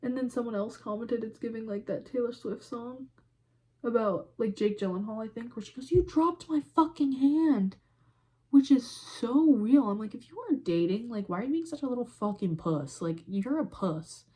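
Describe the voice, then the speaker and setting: A young woman hosts a casual podcast in a heated, swear-laden rant, exasperated and fired up as she does her makeup. Her voice is dark and mellow, and it is recorded on a phone. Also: on the high side, brisk. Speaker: podcast host. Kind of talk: casual ranting commentary.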